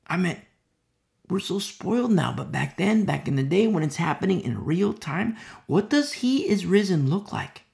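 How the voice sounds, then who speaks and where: Gravelly impassioned preacher. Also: medium pitch, lively intonation, moderate pace. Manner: impassioned, swinging between loud emphasis and hushed whispers; repeats phrases for emphasis. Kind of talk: expository sermon.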